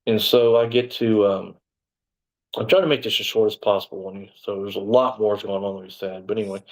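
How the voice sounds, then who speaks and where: Guy, middle aged, ex deputy, talks quick and rambly, fairly low voice, plays out all the dialogue. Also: low-quality recording. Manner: rambling, animated retelling with quoted dialogue. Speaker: interview guest, former sheriff's deputy. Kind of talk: casual storytelling interview.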